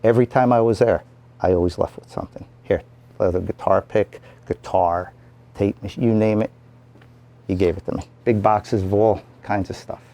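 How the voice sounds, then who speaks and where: Man telling a lively anecdote. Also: on the low side, normal speed. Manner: animated, acts out quoted lines. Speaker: town mayor. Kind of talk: anecdotal storytelling.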